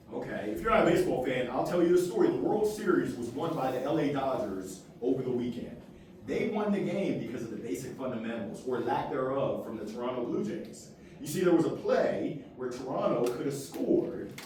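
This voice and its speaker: A man giving an energetic, playful workshop talk to a live audience, quizzing the crowd. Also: medium pitch, a little hiss or hum. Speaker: motivational speaker. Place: meeting room with a live audience. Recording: very echoey room, far from the mic.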